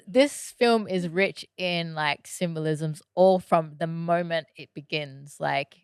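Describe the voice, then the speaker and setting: A woman's voice: low-pitched, clear, resonant tone, no room sound, studio quality. A woman co-hosting a casual podcast, discussing a film and often agreeing with her partner. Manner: agreeable, frequent affirmations and fillers. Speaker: podcast co-host.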